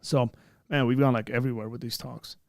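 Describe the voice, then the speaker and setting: A man's voice: medium pitch, steady tone, a little fast, vocal fry, a little mellow, dry recording, clean studio sound. A man hosting a casual livestream chat, rambling with many fillers and restarts. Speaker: host.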